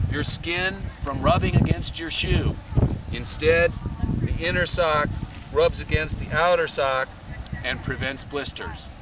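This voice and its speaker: A man explains backpacking clothing to scouts in a steady, deliberate instructional tone. He is recorded outdoors from a distance, so the voice sounds far from the mic. Loud wind and traffic noise run underneath him. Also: fairly high pitch. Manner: measured, plain, deliberate explaining.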